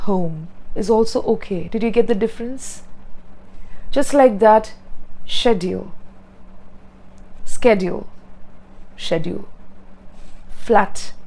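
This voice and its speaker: A woman's voice: on the high side, mellow, low-quality recording. A woman, teaching pronunciation in an earnest, explanatory way and sounding out example words one by one. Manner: earnest and explanatory, spelling out word sounds slowly. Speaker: English pronunciation trainer. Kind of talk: spoken teaching monologue.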